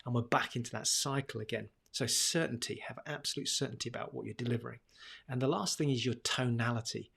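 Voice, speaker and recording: Male confidence coach speaking to camera, husky, measured, punchy phrasing. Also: medium pitch, fairly bright tone. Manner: deliberate, emphatic delivery with punchy pauses. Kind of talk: instructional talk to camera.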